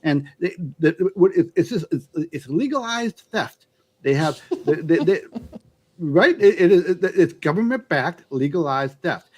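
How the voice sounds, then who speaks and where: A man with a fairly high, widely swinging voice talks in a loose, casual chat. He stumbles through restarts and fillers, then lands each point with firm emphasis. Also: lively intonation, a little slow, a little mellow. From United States. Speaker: YouTube channel host.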